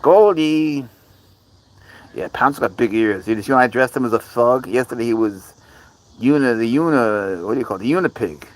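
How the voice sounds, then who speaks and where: Out among the bugs at night, with crickets chirping, a man casually livestreams alongside his cats. His medium-pitched voice moves fairly quickly as he chats and reads viewer comments aloud. It's a rough recording.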